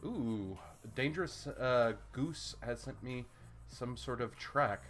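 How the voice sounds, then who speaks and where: A man talks loosely over a livestreamed game, tripping over his words and repeating himself as he hunts for the next phrase. His voice is bright and forward at a middling pitch, close to a desk mic. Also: expressive, slow, faint music behind. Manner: stammering, repeats words as he searches for them. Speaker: streamer. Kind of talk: casual chat while livestreaming a game.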